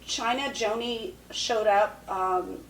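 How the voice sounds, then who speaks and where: A woman's voice: medium pitch, slow pace, a bit bright, roomy sound, far from the mic, slight background noise, poor audio. A woman telling stories in casual podcast chat, often acting out what people said. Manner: chatty, acts out quotes. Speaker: podcast guest. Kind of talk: casual storytelling.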